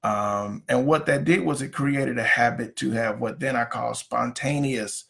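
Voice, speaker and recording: A man in his thirties, a pastor, talking earnestly and haltingly about his marriage on a livestream. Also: medium pitch, gravelly, fairly bright tone. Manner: earnest, halting, with many restarts. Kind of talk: candid couple talk on a livestream.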